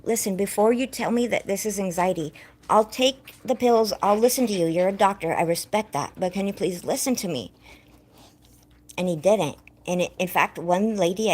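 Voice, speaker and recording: A young woman vlogger telling a distressing personal story to her viewers in a rambling, upset way, close to tears. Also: lowish voice. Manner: distressed, rambling, breaks off to scold her dog.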